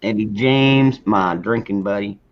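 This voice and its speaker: A man's voice: on the low side, measured pace, lo-fi sound. A man hosting a casual late-night livestream chat, laid-back and swearing freely, greeting viewers in the chat. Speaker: livestream host.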